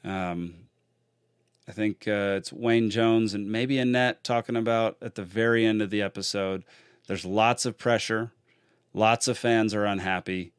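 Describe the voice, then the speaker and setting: Smooth-voiced podcast host. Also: male voice, lowish voice, steady tone, a little slow, no echo, clean studio sound. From Texas. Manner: chatty and rambling, with many fillers and restarts. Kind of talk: casual solo podcast recap.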